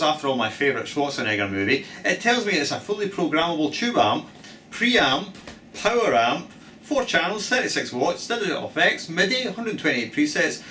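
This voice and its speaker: A man's voice: a little high, bright, forceful tone, roomy sound, a little hiss or hum. Exuberant man hosting a gear unboxing. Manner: theatrical, exuberant, self-mocking. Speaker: channel host. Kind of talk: jokey gear unboxing vlog.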